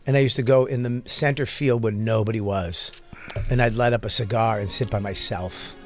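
A man's voice: fairly low pitch, fairly even intonation, moderate pace, soft background music. A man hosting a comedy podcast, trading stories in casual chat, swearing freely and mimicking other voices. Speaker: podcast host.

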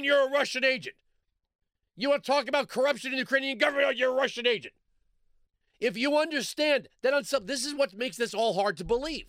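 A man's voice: very high voice, bright, forceful tone, no echo, clean studio sound. A man hosting a talk radio show, delivering a sarcastic, combative monologue and repeating lines for emphasis.

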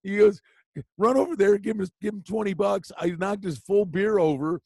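Brief: lively male host, a bit high-pitched, animated storyteller, dry close mic. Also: normal speed, vocal fry, husky, dry recording. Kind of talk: casual sports chat.

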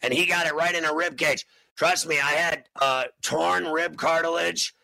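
A man co-hosting a sports betting show, loud, crude and mocking, breaking into sudden shouts. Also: a little high, fairly even intonation, moderate pace, vocal fry, dry recording, low-quality recording. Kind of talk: brash sports betting talk.

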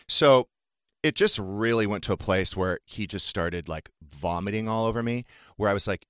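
A middle-aged man with a very low voice tells a personal story in casual conversation. He talks with emotion and acts out each person's lines in turn. The sound is dry and close. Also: normal speed, no room sound. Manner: emotional, acts out quoted dialogue.

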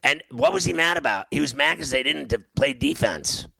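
A man's voice: a little high, wildly swooping pitch, brisk, gravelly, pushed and bright. A man hosting a sports radio show, telling a rambling story in casual banter and laughing often. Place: radio studio.

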